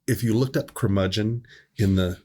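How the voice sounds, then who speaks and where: Husky-voiced man telling a rambling story. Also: lowish voice, normal speed, dark tone. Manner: rambling, self-correcting storyteller. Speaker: podcast host, EMS worker. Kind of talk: casual storytelling chat.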